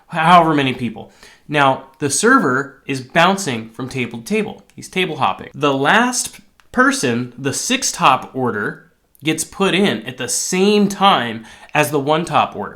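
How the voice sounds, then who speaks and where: A man's voice: medium pitch, fairly bright tone. A man who works as a line cook, telling a personal story in a candid, rambling way with plenty of swearing. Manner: candid, profane, rambling with restarts.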